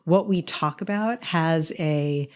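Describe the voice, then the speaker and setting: A woman's voice: low voice, takes it slowly, a little mellow, smooth. A woman from New York co-hosting a podcast, telling stories in a casual chat and laughing often. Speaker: podcast co-host.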